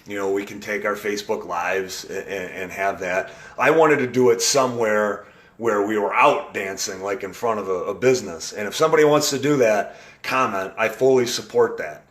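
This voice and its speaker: A man's voice: fairly low pitch, moderate pace. A man hosting a casual live video chat, talking in an earnest, rambling way with frequent restarts. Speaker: live-stream host.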